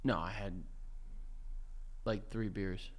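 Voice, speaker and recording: A man improvising a slightly drunk, jealous husband in a comedy sketch, low and mumbled. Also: fairly even intonation, slow pace. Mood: casual tipsy. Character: tipsy jealous husband, growing menacing.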